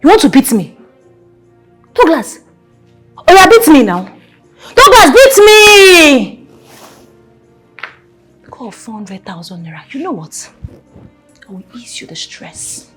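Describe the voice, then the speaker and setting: An actress with a Nigerian accent playing a defiant, sharp-tongued young wife, given to mocking and dramatic outbursts in a film drama. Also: female voice, mid-range voice, animated, normal speed, husky, soft background music. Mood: indignant.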